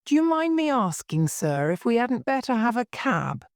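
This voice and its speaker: A woman doing a timid young maid, high and anxious, with plain working-class speech that swoops up and down. The voice is dry and close, with no room sound. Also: very animated, normal speed, no echo. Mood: nervous.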